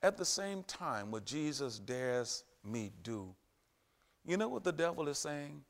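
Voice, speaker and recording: A man preaching a sermon, emphatic and repetitive, with sudden loud rises. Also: a little high, very animated, a little slow.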